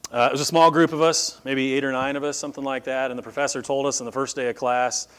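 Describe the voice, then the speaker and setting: A middle-aged man preaching a sermon as pastor, telling stories with lively shifts and acting out the people he quotes. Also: mid-range voice, quick pace, clear, resonant tone. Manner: animated storytelling, voices quoted speakers.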